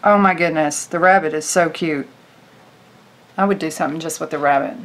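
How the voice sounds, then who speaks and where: A woman's voice: low-pitched, fairly quick. A woman vlogger chatting casually to her viewers as she pages through a craft booklet, gushing over each picture. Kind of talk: casual product walkthrough.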